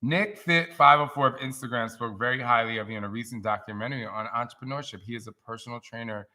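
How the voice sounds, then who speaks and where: A man in his forties hosting a casual live-stream chat, telling stories in an animated, emotional way. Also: medium pitch, quick pace.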